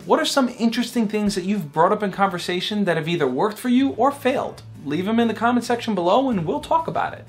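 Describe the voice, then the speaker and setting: A young man hosting a vlog, giving dating advice in an upbeat, direct coaching tone. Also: high voice.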